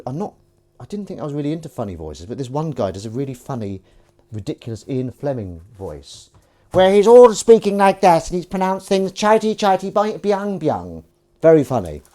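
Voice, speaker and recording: Playful man with a lively voice. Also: mid-range voice, a little hiss or hum. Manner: playful, chatty, jumps into sing-song voices. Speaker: live-stream host. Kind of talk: casual live-stream chat while washing up. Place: home kitchen at the sink.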